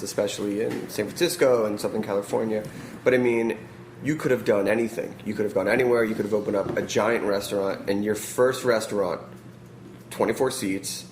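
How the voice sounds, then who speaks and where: A man's voice: lowish voice, roomy sound, a little hiss or hum. A man hosting a radio interview, asking long, winding questions. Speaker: radio show host.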